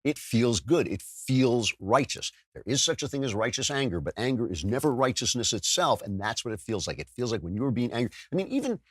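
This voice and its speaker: A sardonic male talk show host with a husky, slightly rough voice, recorded dry and close to the mic. His pitch rises and falls with a lively, animated swing as he riffs and trips over his own restarts. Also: brisk, hardly any pauses, no room sound. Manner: sardonic, self-mocking, stumbling restarts. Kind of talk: podcast monologue with ad read.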